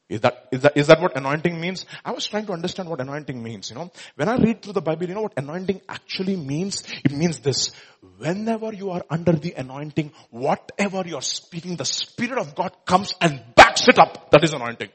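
A man's voice: fairly high pitch, animated, brisk, a bit bright, husky. A man preaching a sermon, asking rhetorical questions and acting out quoted speech with strong emphasis. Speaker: pastor.

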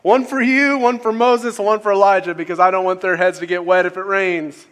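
A man's voice: high voice, steady tone, a little fast, a bit bright, voice pushed up. A man acting out a flustered, blurting disciple. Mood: flustered eager. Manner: blurting, stammering, over-eager. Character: flustered frightened male disciple blurting ideas.

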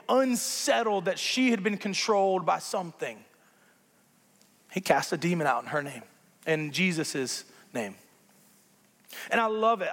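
A man preaching a sermon as pastor, conversational and animated, with playful asides to the congregation. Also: sits high, long reverb tail.

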